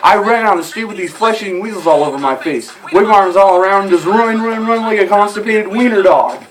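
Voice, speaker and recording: A man singing a fast, rambling comic story-song cover over a backing track, frantic, with sudden shouted bursts. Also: high-pitched. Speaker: amateur singer covering a comedy song. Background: faint backing music.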